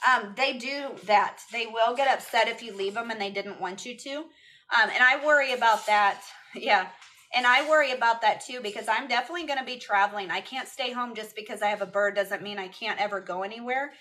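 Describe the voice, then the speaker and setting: A woman's voice: fairly high pitch, a little fast, sharp tone. A woman chatting casually on a phone livestream and answering viewers' comments aloud. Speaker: vlogger answering live chat. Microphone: phone camera.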